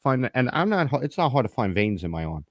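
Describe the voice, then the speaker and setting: A man's voice: medium pitch, fast, no echo, clean studio sound. A man telling a story in casual podcast chat, swearing often and acting out each exchange of dialogue with animation. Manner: profane, animated, acts out dialogue. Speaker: podcast co-host.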